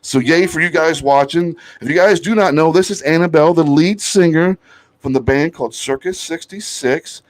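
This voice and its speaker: A man hosting a podcast, telling a story in a loud, profane, animated way and laughing often. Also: on the high side, moderate pace. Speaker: podcast host. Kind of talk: casual storytelling chat.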